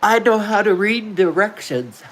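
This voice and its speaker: A woman's voice: medium pitch, lively intonation, unhurried, a little hiss or hum. A middle-aged woman, chatting casually and telling folksy stories while hosting a livestream. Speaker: livestream host.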